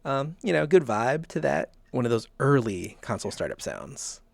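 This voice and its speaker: A man's voice: medium pitch, big pitch swings, moderate pace, vocal fry, no echo. A man from the South, hosting a casual podcast and telling rambling stories with frequent chuckles. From American South. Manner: rambling storyteller, chuckles often. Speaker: podcast host.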